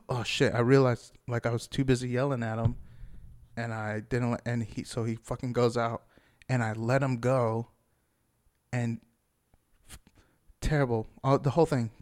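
A man tells a story in a loose, rambling way, with lots of swearing and laughter as he goes. His voice sits at an ordinary middle pitch. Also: darkish tone. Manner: profane, rambling, laughs through the telling. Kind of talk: casual storytelling.

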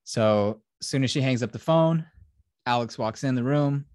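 A man's voice: medium pitch, normal speed, darkish tone, no echo, clean studio sound. A young man hosting a podcast, rambling and swearing as he retells a film plot in casual chat. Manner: profane, rambling storyteller. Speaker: podcast host.

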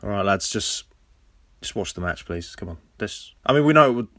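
An English man hosting a casual podcast recap, sarcastic and swearing freely, with sudden loud high outbursts. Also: lively intonation, fairly quick, no room sound, clean studio sound. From England. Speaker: podcast host.

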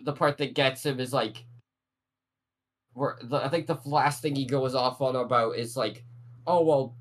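A man chatting casually as a podcast co-host, rambling and slipping into quick character voices. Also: mid-range voice, fairly even intonation, a bit bright. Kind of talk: casual chat recapping an anime.

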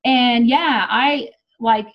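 A woman's voice: on the high side, very slow. A middle-aged woman telling a personal story in casual chat, swearing freely and acting out what people said. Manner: animated, profane, acts out quotes. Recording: muffled lo-fi audio.

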